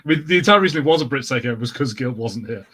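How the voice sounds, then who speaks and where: Liverpool-accented male co-host, bright tense tone, chatty and giggly. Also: mid-range voice, lively intonation, very fast, husky. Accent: Liverpool (Scouse). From Liverpool, England. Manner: chatty, laughing, explains slang. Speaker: podcast co-host. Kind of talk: casual podcast chat.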